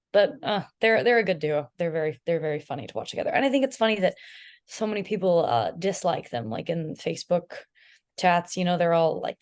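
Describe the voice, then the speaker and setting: A young woman guesting on a podcast, telling stories in a teasing, animated way. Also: on the low side. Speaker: podcast guest and pro player. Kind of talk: casual podcast chat.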